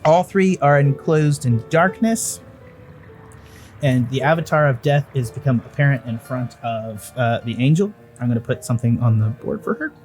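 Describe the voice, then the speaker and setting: A man's voice: mid-range voice, moderate pace, a little mellow, faint music behind. A man running a tabletop game as dungeon master, talking loosely with fillers and swearing.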